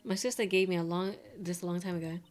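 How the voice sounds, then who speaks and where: A woman's voice: on the low side, fairly even intonation, quick pace, natural voice. A woman reading game lines aloud as a polite, apologetic young spirit medium in training. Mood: pleading.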